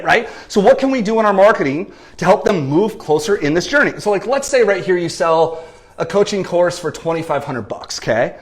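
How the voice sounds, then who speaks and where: A man in his thirties giving an animated business coaching talk, often checking in with "okay?" and "right?". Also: sits high. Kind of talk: energetic marketing talk. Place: lives in San Diego.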